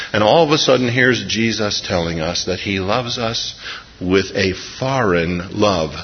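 A man preaching a sermon to a congregation, retelling a story earnestly and slowing down to stress key points. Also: on the low side. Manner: earnest, storytelling, measured slowdowns for emphasis. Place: church service before a congregation. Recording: long hall reverb, dull lo-fi sound.

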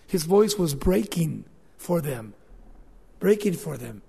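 Impassioned male preacher, high pitch, deliberate pace, long church reverb. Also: sing-song, gravelly, darkish tone, slightly rough. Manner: impassioned, voicing scripture as direct speech. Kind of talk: sermon.

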